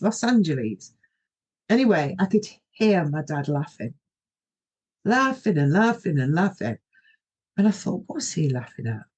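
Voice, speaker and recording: A woman's voice: deep voice, darkish tone. A middle-aged woman, hosting a podcast and telling a personal story in a rambling, anecdotal way, often quoting herself. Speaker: podcast host.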